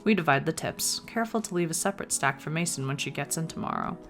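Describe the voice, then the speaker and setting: A woman's voice: low-pitched, expressive, fast talker, fairly bright tone, soft background music. A woman reading a visual novel aloud in the first person, with playful asides of her own. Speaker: gaming video creator.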